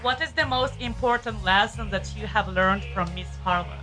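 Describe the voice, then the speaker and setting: A woman's voice: mid-range voice, normal speed, music in the background. A woman with an Eastern European accent hosting a radio show, chatting with a caller, laughing often and coaxing him to talk. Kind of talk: casual radio chat with a caller. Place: radio studio.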